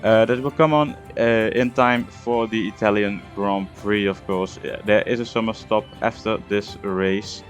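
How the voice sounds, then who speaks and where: Man, low voice, casual gameplay commentary, hesitant with lots of fillers, faint music behind. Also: steady tone, measured pace, hardly any pauses. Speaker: gaming video host.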